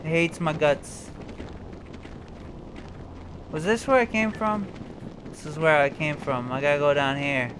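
A gameplay commentator narrates his play to himself, swearing and yelping at sudden scares. His fairly high voice keeps a measured pace broken by long pauses, with background noise behind it.

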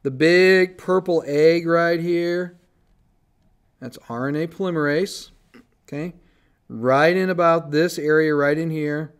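A man's voice: fairly high pitch, steady tone, slow, clear, resonant tone. A man teaching biology in a recorded screencast lecture, talking casually as he draws on slides and corrects his own slips.

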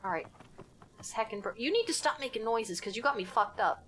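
A woman's voice: fairly high pitch, lively intonation, a little fast, a bit bright, slight background noise. A young woman streaming a horror game live, talking to herself in a jittery, giggly way and swearing as she goes. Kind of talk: live gaming commentary.

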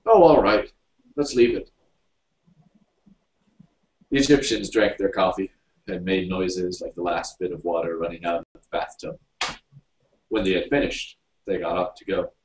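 A man reading a short story aloud, unhurried and lively. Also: sits low. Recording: roomy, from a distance.

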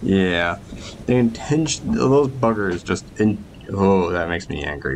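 Guy griping through a naval game, lowish voice, faint hum behind, keeps cutting himself off. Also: a little slow. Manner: frustrated, exclaiming and cursing at the game; broken restarts when agitated. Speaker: game commentator. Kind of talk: gameplay commentary.

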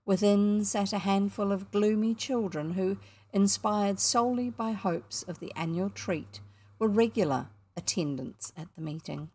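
A woman with a New Zealand accent narrating a children's book in a measured, expressive way. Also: mid-range voice, husky. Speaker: audiobook narrator. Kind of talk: storybook narration.

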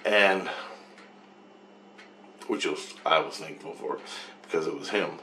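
A man's voice: a bass voice, takes it slowly, bright, forceful tone, slight background noise. A man telling a rambling personal account, swearing freely and repeating phrases over and over. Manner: repetitive, profane, loops back on phrases.

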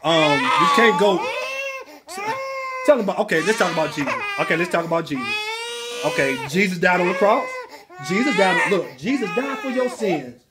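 A man's voice: sits high, sing-song, normal speed. A man joking and telling rambling stories to a crying baby, playful and often laughing, filmed on a phone. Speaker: uploader talking to a crying baby. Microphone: phone video. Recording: noisy room with crying and laughter. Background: baby crying, people laughing.

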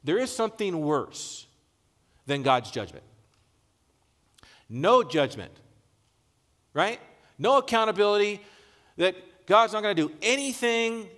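A man's voice: high-pitched, sing-song, a little slow, pauses often, a bit bright, big-room sound. A man preaching a sermon as pastor, talking in a conversational, emphatic way with casual asides to the congregation. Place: large church hall.

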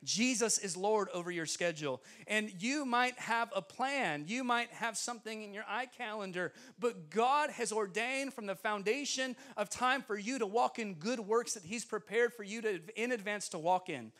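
Bright-voiced, high-pitched preacher man. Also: normal speed, few pauses. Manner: animated, acts out dialogue, laughs often. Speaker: guest preacher. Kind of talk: storytelling sermon. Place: church sanctuary.

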